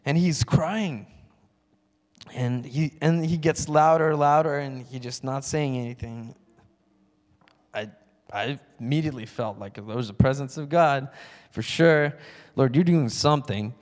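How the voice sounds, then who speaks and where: A man's voice: medium pitch, measured pace, pauses often, in a large hall. A man telling a personal testimony in a church, acting out phone calls in a raised voice. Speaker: church speaker giving a testimony. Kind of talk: sermon testimony.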